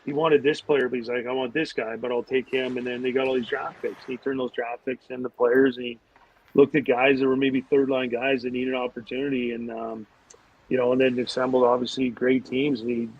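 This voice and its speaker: Speaking fairly quickly in a husky, mid-pitched voice, a former professional hockey player tells meandering, lively stories as a podcast guest. Fillers and restarts pepper his talk, and the audio quality is dull and lo-fi.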